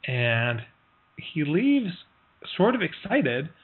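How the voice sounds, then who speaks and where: A man teaching an online workshop, telling a parable in a relaxed, halting way with many fillers and brief voiced quotes. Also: on the high side. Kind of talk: storytelling in a live online lesson. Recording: tinny phone-like line.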